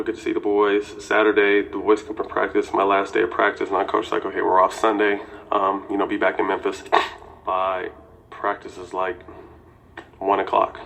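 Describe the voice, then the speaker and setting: A man's voice: fairly low pitch, creaky, a bit bright, rough recording. A man in his forties telling a personal story casually and candidly, with swearing and lots of "you know".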